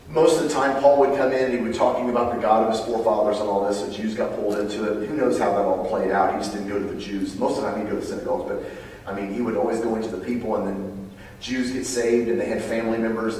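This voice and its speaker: American preacher guy, gets loud and high then drops quiet, big echoey hall, sounds far from the mic. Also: quick pace, slight background noise. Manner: animated, climbs high and loud when stirred, then drops low and quiet. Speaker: pastor. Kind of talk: sermon.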